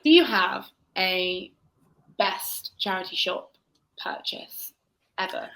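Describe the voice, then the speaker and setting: Bright-voiced woman hosting a podcast. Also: mid-range voice, lively intonation, slow pace, vocal fry, poor audio. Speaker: podcast host. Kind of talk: casual podcast interview.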